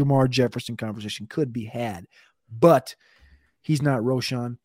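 A man's voice: medium pitch, brisk, a little mellow, dry recording, studio quality. A man co-hosting a fantasy football draft show, talking through picks in a rambling, casual way, sometimes stuttering on names. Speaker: podcast co-host.

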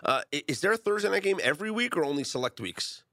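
A man's voice: high voice, sing-song, fast, pushed and bright, dry recording, clean studio sound. A man co-hosting a sports radio show, bantering casually and acting out movie lines when he retells scenes.

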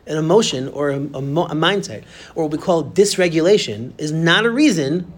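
A man teaching a class of students, talking to them directly in an animated, conversational way. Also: on the high side, brisk. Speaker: Torah teacher. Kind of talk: classroom lecture.

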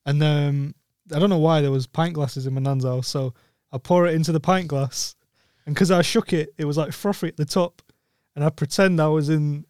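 A man's voice: fairly high pitch, fairly even intonation, moderate pace, a little mellow, clean tone, no room sound, studio quality. A young man telling a story in casual podcast banter, in a laid-back, mumbling way. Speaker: podcast co-host.

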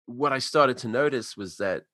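A man's voice: mid-range voice, moderate pace, bright, forceful tone, no echo. An American man in casual conversation, telling a long story with plenty of likes and you-knows. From United States. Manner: rambling with many fillers and restarts. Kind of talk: casual chat.

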